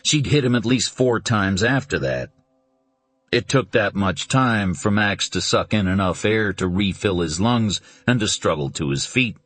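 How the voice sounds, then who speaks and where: A man narrating a suspense novel in a deliberate, dramatic reading. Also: lowish voice, animated, a bit bright. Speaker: audiobook narrator.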